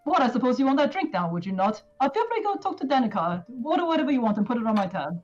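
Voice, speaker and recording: A woman's voice: high voice, very animated, rapid-fire, a little mellow, muffled recording, faint music behind, voice pushed up. A woman doing an effusive, flirtatious hunter man. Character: jovial adult male hunter, flirtatious.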